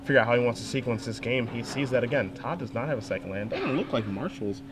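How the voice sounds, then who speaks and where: A man calling live play-by-play commentary for a card game, excitable and quick to react. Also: mid-range voice.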